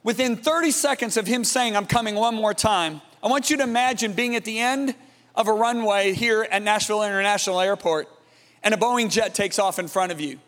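A man preaching a sermon, telling a story dramatically and dropping to a hushed, awed tone. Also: high voice, brisk, long reverb tail. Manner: dramatic, swings from loud emphasis to hushed awe.

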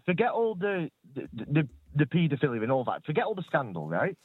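A man's voice: fairly high pitch, huge pitch swings, a little fast, slightly rough, no echo. A man on a radio phone-in arguing his point with stammering restarts, heard over a phone line. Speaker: caller.

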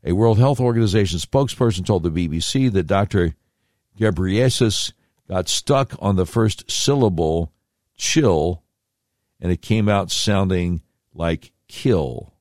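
Casual: podcast guy, lowish voice, sarcastic rambling takes, dry sound. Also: lively intonation, normal speed, a little mellow, no echo. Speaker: podcast host. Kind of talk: opinionated podcast commentary.

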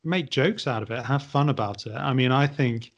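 A man's voice: medium pitch, moderate pace, muffled recording. A man from England, a guest on a podcast, chatting in an upbeat but hesitant way and often repeating his words. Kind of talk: casual conversation.

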